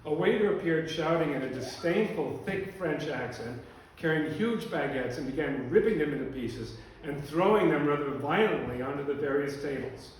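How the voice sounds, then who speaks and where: A man with a slightly high voice tells a humorous story to a live audience, dry and deadpan. He sounds far from the mic in a very echoey hall. A faint hiss sits under his voice. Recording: echoey room from a distance.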